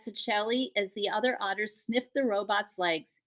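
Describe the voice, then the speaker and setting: A woman narrating a children's novel aloud in an expressive storybook style. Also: medium pitch, moderate pace. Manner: expressive, animated reading. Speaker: audiobook reader.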